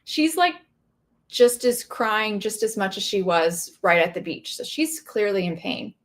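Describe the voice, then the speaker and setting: A woman's voice: mid-range voice, big pitch swings, unhurried. A woman hosting a craft livestream, chatting casually and telling a family story while she works and reads viewer comments.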